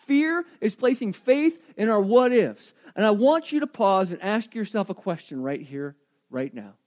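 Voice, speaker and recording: High-voiced man preaching a sermon. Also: moderate pace. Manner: animated, questioning the congregation directly. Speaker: pastor.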